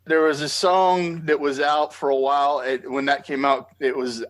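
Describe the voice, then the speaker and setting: An American man hosts a podcast with a voice a bit higher than most men's. He tells stories in an excitable, animated way, clearly enjoying the chat. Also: normal speed. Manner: excitable, animated storytelling with laughs. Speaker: podcast host. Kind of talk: enthusiastic interview chat.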